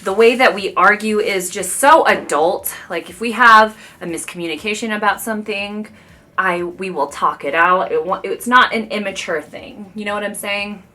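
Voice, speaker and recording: Bright, gushing woman vlogger. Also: mid-range voice, moderate pace. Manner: gushing, confiding, talks straight to viewers. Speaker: beauty vlogger. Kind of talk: chatty get-ready-with-me talk. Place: at home doing makeup in front of a camera.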